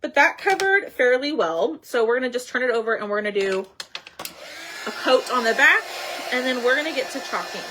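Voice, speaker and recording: A woman's voice: on the high side, animated, fairly quick, bright, forceful tone, slight background noise, low-quality recording. A woman hosting a crafting live stream, chatting casually and greeting viewers by name.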